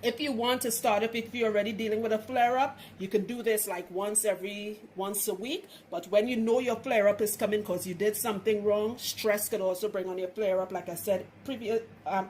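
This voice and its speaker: A frank, chatty woman from Trinidad explains scalp care in a casual vlog. Her voice sits in a middle pitch and she laughs easily. A faint hiss runs under the recording. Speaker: loctician.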